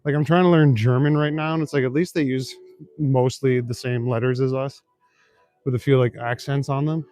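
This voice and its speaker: A man's voice: mid-range voice, normal speed, dry recording, clean studio sound, faint music behind. A young man from Northern Ontario chatting casually with his live stream viewers while he walks city back streets at night. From Northern Ontario, Canada. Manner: relaxed, swears casually, reads and answers chat.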